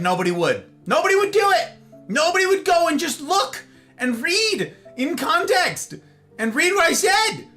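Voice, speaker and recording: A man's voice: extremely high pitch, normal speed, soft background music. A man streaming live, chatting casually and rambling straight to his viewers. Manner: animated, rambling, talks straight to chat.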